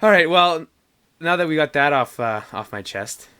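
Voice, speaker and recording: A man co-hosting a casual podcast with a bright, forceful voice. He rambles, laughs a lot and lets sentences trail off halfway. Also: fairly high pitch, lively intonation, normal speed, a little hiss or hum. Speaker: podcast co-host. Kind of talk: casual chat.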